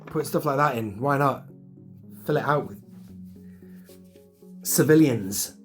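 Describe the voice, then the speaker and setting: Middle-aged bloke unboxing toys at home, chatty and excited, bit of music faint behind him. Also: male voice, medium pitch, takes it slowly. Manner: chatty, enthusiastic, talks to himself while unboxing. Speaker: collector vlogger. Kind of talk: casual unboxing chat. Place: home collection room.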